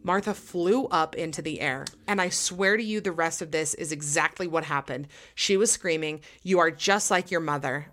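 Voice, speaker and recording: Low-voiced woman podcast host, excitable. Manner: excitable, heavy use of "like". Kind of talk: casual chat, reading listener stories aloud.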